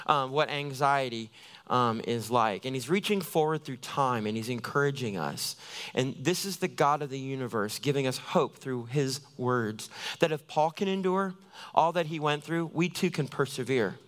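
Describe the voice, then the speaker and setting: A man's voice: on the high side, sharp tone. A man giving a conversational, jokey sermon as a youth pastor, acting out little everyday scenes.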